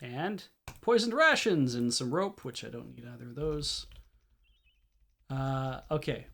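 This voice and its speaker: A man's voice: medium pitch, lively intonation, a little slow, vocal fry, pauses often. A man streaming a game, chatting casually and reading game text aloud as he plays. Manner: reads game text aloud, thinking out loud.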